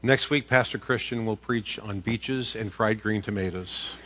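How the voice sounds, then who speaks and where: A man's voice: on the low side, measured pace, background noise. A man preaching a sermon in an earnest, personal way with light joking. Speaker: pastor.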